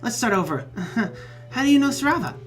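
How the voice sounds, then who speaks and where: A man's voice: extremely high pitch, sing-song, moderate pace, a bit bright, faint music behind, pitched above the performer's own voice, full character voice. A man voicing a lonely, eager young male bee troll with a buzzy voice who apologizes and pities himself. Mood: nervous. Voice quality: buzzy accent. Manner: eager, apologetic, self-pitying.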